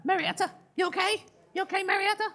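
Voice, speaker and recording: Dude doing a manic dryad, super high shrill voice, frantic. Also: male voice, fairly even intonation, fast talker, creaky, bright, forceful tone, full character voice. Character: manic male tree spirit, a dryad.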